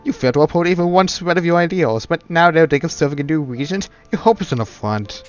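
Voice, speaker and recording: A man's voice: a little high, expressive, lo-fi sound, faint music behind, close to an everyday voice. A man doing a sneering, mocking villain. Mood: scornful. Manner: mocking, theatrical, drawn-out sneers. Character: sneering, cruel male villain commander.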